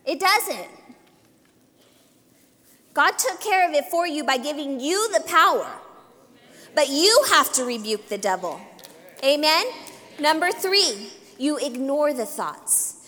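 A woman preacher with a high, girlish voice delivers a sermon in a church sanctuary. She drives her points home with emphatic repetition and calls for amens. Her voice rings out with a long reverb through the large hall. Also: fairly bright tone. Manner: emphatic, repetitive exhortation with call-and-response amens.

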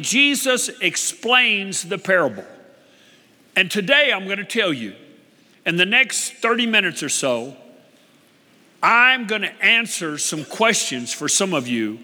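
A man's voice: sits high, pushed and bright. A middle-aged man preaching a sermon as pastor, emphatic, repeating key phrases and stretching out stressed words. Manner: emphatic, repeats phrases, drawn-out stresses, checks in with "all right?". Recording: long reverb of a large hall.

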